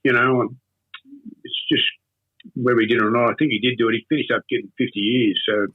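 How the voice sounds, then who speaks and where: An older Australian man with a husky voice tells a long story in a rambling, halting way, circling back with fillers and false starts. His pitch sits in an ordinary middle range. The recording is tinny and narrow, like a phone line. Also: fairly even intonation. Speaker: interview guest. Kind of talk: casual storytelling.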